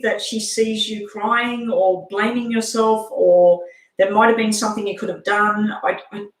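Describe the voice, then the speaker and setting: Halting tarot reader in an echoey room. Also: medium pitch. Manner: halting, with frequent ums. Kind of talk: live tarot reading to a viewer.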